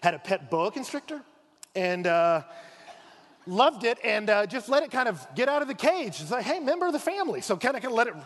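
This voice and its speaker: A male pastor preaching a sermon, telling stories with acted-out voices and dropping low and quiet for emphasis. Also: moderate pace, in a large hall. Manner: animated storytelling, acting out voices, dropping low and soft for emphasis.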